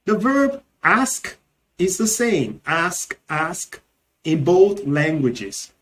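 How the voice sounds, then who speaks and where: Nigerian man, language teacher, slow and careful, lively pitch, a bit high. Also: slight background noise. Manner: repeats each example word slowly and clearly. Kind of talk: slow, deliberate language lesson.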